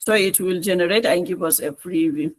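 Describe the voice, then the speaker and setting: In a low-quality recording with a bit of hiss or hum, a Nigerian-accented trainer talks at medium pitch and a slightly quick pace through an online tutorial, narrating each on-screen step. She coaxes and repeats herself, checking often that the class is keeping up.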